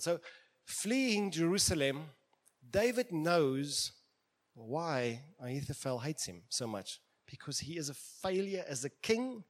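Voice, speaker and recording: A man delivers a sermon in a fairly high voice. He preaches dramatically, acting out the characters in the stories he tells and moving between hushed passages and loud ones. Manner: dramatic, acts out quoted voices, shifts from quiet to loud.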